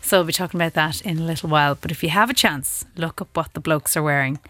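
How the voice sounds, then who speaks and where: A woman's voice: low voice, quick pace, pushed and bright. An Irish woman radio host chatting casually on air and reading the traffic, laughing often.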